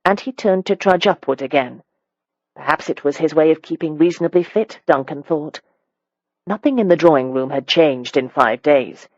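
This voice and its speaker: An audiobook narrator reading a period romance in a measured, wry storytelling manner. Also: medium pitch, no room sound, muffled recording.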